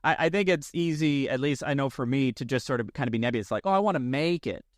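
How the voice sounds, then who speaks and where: A man's voice: medium pitch, fast talker, no echo, clean studio sound. A man hosting a podcast who chats with his guest in playful, joking banter. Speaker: podcast host. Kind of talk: casual podcast chat.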